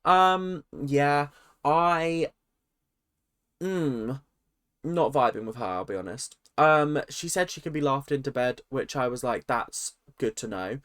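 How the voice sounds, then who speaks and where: A man, chatting through a casual, opinionated rant vlog full of lively asides. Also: fairly high pitch, slow, clean tone. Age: 20s. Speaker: vlogger.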